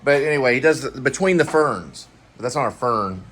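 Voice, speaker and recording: A man's voice: medium pitch, lively intonation, brisk, a bit bright. A middle-aged man, co-host of a home vlog, chatting casually over a meal and often losing his train of thought.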